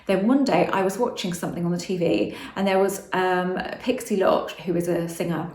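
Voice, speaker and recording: A woman's voice: fairly low pitch, fairly even intonation, moderate pace, a little mellow, reverberant. Chatty woman with a slight West Country accent. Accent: slight West Country English. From West Country, England. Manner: chatty and frank, laughs often. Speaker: author and vlogger. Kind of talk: casual spoken monologue.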